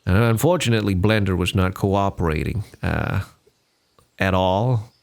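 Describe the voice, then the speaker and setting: A man's voice: low voice, normal speed, gravelly. A young man hosting a casual solo podcast, rambling and self-deprecating with many restarts. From Singapore. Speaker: podcast host.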